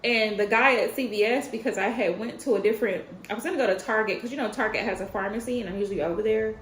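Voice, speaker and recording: A woman's voice: fairly high pitch, quick pace, fairly bright tone, a little hiss or hum. A woman in her thirties streaming as a tarot reader, telling a story in a chatty way, talking straight to her viewers and laughing often. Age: 30s. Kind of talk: casual livestream storytelling. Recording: roomy echo with faint ambience.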